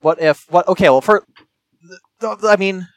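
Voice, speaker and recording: A podcast co-host chatting casually, quick and wry, sometimes stammering when starting a thought. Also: mid-range voice, dry recording, low-quality recording. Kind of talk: casual chat.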